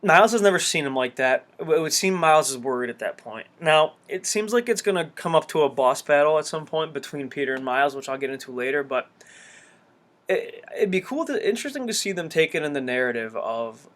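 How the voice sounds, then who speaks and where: A man reacting to a game trailer in casual commentary, excitable and rambling with fillers, swearing freely. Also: on the high side, a little fast. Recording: loud background noise.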